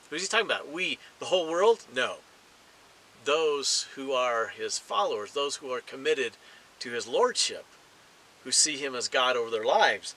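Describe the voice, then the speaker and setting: A middle-aged man preaching a sermon, emphatic and deliberate, slowing down to stress key phrases. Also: on the high side, expressive, pushed and bright, low-quality recording. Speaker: pastor.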